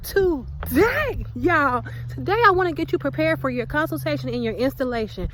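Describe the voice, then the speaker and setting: A young woman giving casual vlog advice in an animated, chatty, slangy way. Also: high voice, a little fast, a little hiss or hum, poor audio. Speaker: hair vlogger. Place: outdoors walking.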